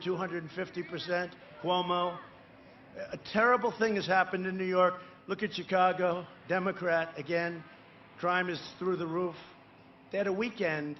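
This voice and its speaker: A man with a fairly high-pitched voice gives a campaign rally speech, drifting from point to point with repeated asides and tag questions like "right?" He talks in an emphatic, boastful way and breaks into loud bursts. The feed sounds a little dull and lo-fi, with a faint hiss of noise underneath. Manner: rambling, repetitive, full of asides and tag questions to the crowd. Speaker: political candidate addressing a rally crowd.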